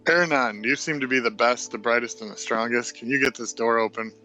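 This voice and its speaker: A man's voice: mid-range voice, brisk, pushed and bright, soft background music, poor audio. A man playing a tabletop game, hesitant and chuckling, with many fillers. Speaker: player. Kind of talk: casual tabletop play chat.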